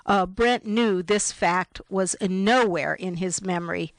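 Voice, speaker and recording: Slow, measured woman narrating a novel. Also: fairly low pitch, no room sound. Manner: measured, even storytelling. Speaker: audiobook narrator.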